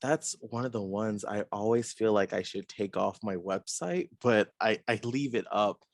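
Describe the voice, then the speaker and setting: A young male artist is being interviewed and talks casually, with many fillers and frequent laughter. His voice is fairly low, his pace normal, and there's no echo.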